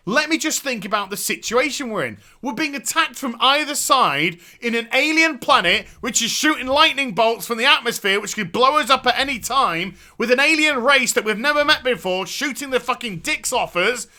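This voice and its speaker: A man rants about a game in a high, swooping voice that stays very bright and sharp. He swears freely and piles on the sarcasm, sounding thoroughly fed up. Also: lively intonation, normal speed. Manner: exasperated, sarcastic and profane. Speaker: video game reviewer. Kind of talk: ranting game review.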